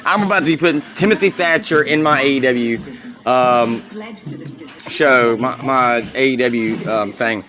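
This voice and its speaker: A man hosting a casual wrestling review podcast, rambling excitedly and swearing freely as he reacts. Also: medium pitch, a little slow.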